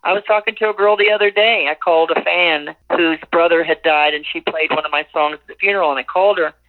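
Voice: medium pitch, steady tone, fast. A singer in a phone interview, talking earnestly and rambling with many restarts. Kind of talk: phone interview, candid talk. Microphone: telephone. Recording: tinny phone line.

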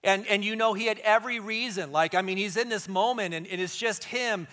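A man preaching a sermon as pastor, conversational and animated, dropping to hushed tones for emphasis. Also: high-pitched, a little fast.

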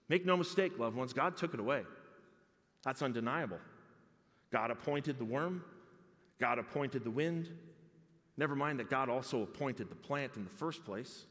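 A male pastor preaching an expository sermon, swinging between loud exclamations and hushed, intimate tones. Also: medium pitch, lively intonation, moderate pace, pauses often. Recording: long hall reverb.

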